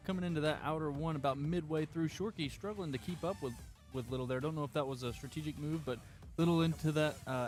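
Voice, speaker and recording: A man giving play-by-play commentary on drift runs, breaking down replays with frequent fillers. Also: fairly high pitch.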